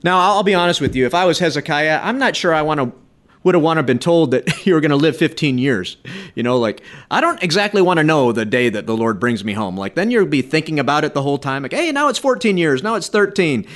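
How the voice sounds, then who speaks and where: Male radio preacher, animated storyteller, lifted pitch, very expressive melody. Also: fast. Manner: lively, animated storytelling with laughs. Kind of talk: radio sermon.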